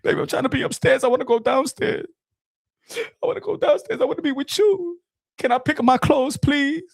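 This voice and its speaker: A whiny, pleading husband, voiced by a man rushes through his begging in a hurried tumble of words. The sound is dry and close. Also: extremely high pitch, expressive, gravelly, no echo, full character voice.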